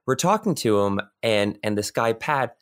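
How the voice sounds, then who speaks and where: A man's voice: fairly low pitch, sing-song, moderate pace, smooth. A man as a guest on a podcast, chatting casually and rambling with many restarts and repeated words. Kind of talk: casual interview chat.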